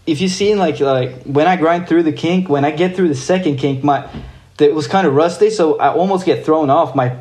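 A young man from Norway, a guest skateboarder, telling a story in a casual, excited way, swearing freely and using lots of fillers. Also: on the high side, moderate pace.

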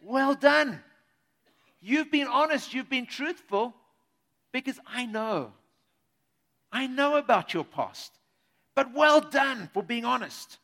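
A male preacher acting out a calm teacher who speaks softly and reassuringly. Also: sits high, moderate pace, full character voice. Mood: gentle.

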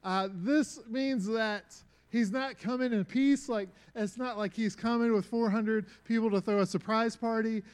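A young man preaching a casual sermon, relaxed and conversational, with many filler words and joking asides. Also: sits high, a little slow, few pauses, clean tone.

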